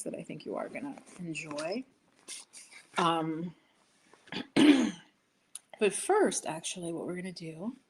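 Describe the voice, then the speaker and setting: A woman with a slightly low voice hosts a yoga live stream from her laptop. She talks in a loose, chatty way, wandering off topic and poking fun at herself. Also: slight background noise. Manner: chatty, rambling, laughs at herself. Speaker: yoga and meditation host. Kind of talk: casual live-stream chat. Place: indoors, home set-up with laptop.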